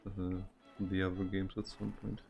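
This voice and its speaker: A man's voice: deep voice, completely flat delivery, normal speed, creaky, slightly rough, lo-fi sound, faint music behind. A man playing in a tabletop game, joking casually and hesitating often. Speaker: player.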